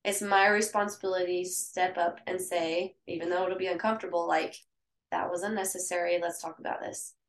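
A woman co-hosting a podcast in casual chat, telling candid, lively stories. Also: lowish voice, a little fast, a little hiss or hum. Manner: candid, animated storytelling. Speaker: podcast co-host. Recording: echoey room.

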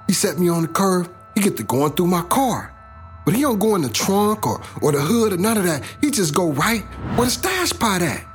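A man's voice: sits high, big pitch swings, moderate pace, soft background music. A middle-aged man from South Los Angeles telling his own life story in a blunt, profane, casual way.

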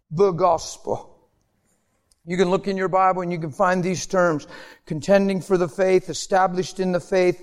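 A man preaching a sermon with passion, swinging between high emphatic peaks and soft, quiet pleading, and acting out quoted voices along the way. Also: smooth. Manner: impassioned, rising to high emphatic peaks then dropping soft; acts out quoted voices in conversational asides. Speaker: pastor.

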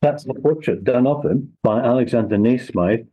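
An older man, a local historian telling history in a measured, unhurried way during an interview. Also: mid-range voice, breathy edge, phone-quality sound. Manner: measured, unhurried storytelling with small restarts. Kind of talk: relaxed storytelling interview.

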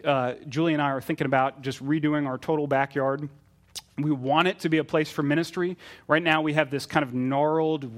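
A middle-aged pastor preaching a sermon in an earnest manner that builds to fervent emphasis. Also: male voice, fairly high pitch.

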